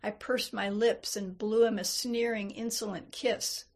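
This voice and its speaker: A woman reading a first-person story aloud in a measured, unhurried way. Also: medium pitch, fairly even intonation, darkish tone. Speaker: reader. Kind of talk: storybook narration.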